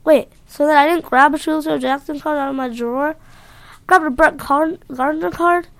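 A woman voicing an anxious young boy who can time travel, talking in a breathless, excitable way. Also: sits high, moderate pace, no room sound. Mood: worried.

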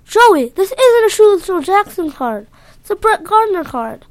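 A woman's voice: very high voice, big pitch swings, normal speed, no echo, pitched above the performer's own voice, heavily acted. A woman voicing a curious, helpful young boy who talks in an eager, exclaiming way.

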